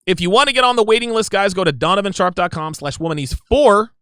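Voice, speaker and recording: A man's voice: sits high, fast talker, bright, forceful tone, smooth, dry recording, clean studio sound. A man hosting his own show, talking to his listeners in an emphatic, casual solo monologue. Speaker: podcast host.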